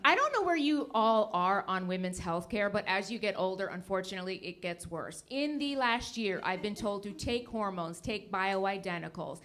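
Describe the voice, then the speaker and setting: A woman's voice: medium pitch, expressive, normal speed, few pauses, fairly bright tone. A woman in her fifties doing a stand-up comedy set, teasing the crowd and laughing at her own jokes. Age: 50s.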